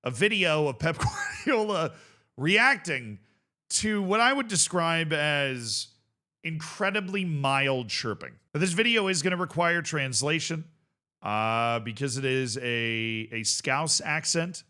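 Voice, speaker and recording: Animated bright-voiced young man. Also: a little high, takes it slowly. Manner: animated, rambling, swearing, bursts of laughter. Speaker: host. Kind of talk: casual commentary reacting to a video.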